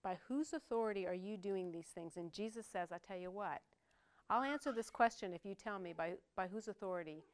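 A woman's voice: medium pitch, fairly quick. Older woman preacher, conversational sermon with humorous asides. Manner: conversational, joking asides to the congregation.

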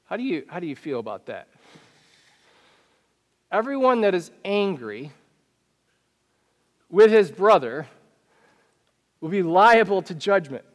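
Guy pastor preaching, chatty and lively, kinda high voice, big echoey church hall. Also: measured pace, pauses often. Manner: conversational, animated, rhetorical questions. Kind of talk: sermon. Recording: long reverb of a church hall.

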